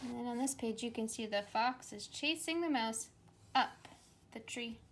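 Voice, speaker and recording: A woman teacher reading a picture book aloud to young children, gently coaxing them to repeat animal sounds. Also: on the high side, normal speed.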